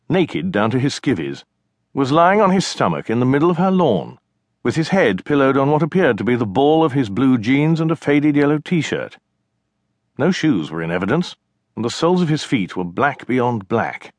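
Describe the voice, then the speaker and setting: A man narrating a mystery novel in measured, scripted storytelling. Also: mid-range voice, no echo. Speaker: audiobook narrator.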